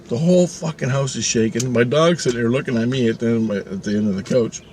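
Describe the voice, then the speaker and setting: A man telling a story to camera in a casual, profane, animated way, laughing often. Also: medium pitch, fast, slight background noise. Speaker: channel host.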